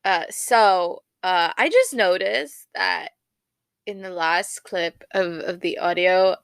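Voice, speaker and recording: Rambling young woman podcaster, smooth dry voice. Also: lowish voice, slow pace, a bit bright, no room sound. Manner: rambling, filler-heavy, repeats words. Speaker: podcast host. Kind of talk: casual solo podcast chat.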